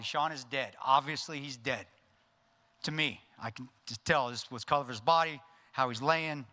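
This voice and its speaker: Guy on stage telling an intense war story, bright punchy voice, goes quiet on the heavy bits, big echoey hall. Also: medium pitch. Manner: intense storytelling that drops to a hushed voice at solemn moments. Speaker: keynote speaker. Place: large conference hall. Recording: reverberant event hall.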